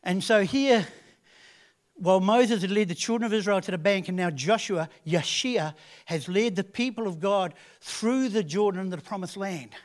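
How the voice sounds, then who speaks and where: A man with a strikingly high voice delivers a sermon at a normal speed. He tells his story with lively animation and often halts to start a phrase over.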